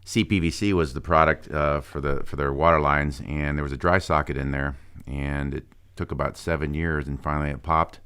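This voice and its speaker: A man with an extremely deep, smooth voice speaks as a guest on a radio home show. His delivery is plain and matter-of-fact, with very little rise and fall. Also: steady tone, a little fast, few pauses, a bit bright. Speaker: industry guest. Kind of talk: radio interview.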